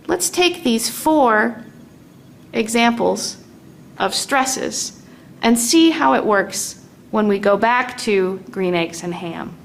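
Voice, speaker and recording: A woman teaching a lesson on poetic meter, speaking slowly and deliberately and tapping out the stressed and weak beats aloud. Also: a little high, lively intonation, a bit bright, slight background noise.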